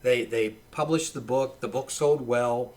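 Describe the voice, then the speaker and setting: A man's voice: medium pitch, unhurried. A male college professor telling anecdotes in a casual podcast interview, restarting his sentences often. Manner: animated anecdotes with frequent restarts.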